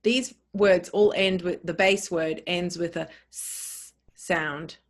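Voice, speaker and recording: A woman leads a pronunciation lesson at an unhurried pace. Her voice sits a little low, and she repeats each word and spells it out letter by letter for learners. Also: steady tone. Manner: careful, repeats and spells words out. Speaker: teacher.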